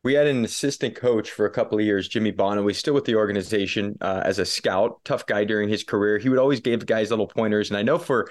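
Male host, slightly low voice, meandering sports questions. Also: fast, few pauses. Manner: long, winding questions with fillers. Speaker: interviewer, host. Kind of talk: interview questions.

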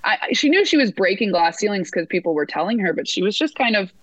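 A woman who works as a sports announcer, telling lively stories in a casual interview, full of fillers and restarts. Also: mid-range voice, fast, breathy edge, dry recording, low-quality recording.

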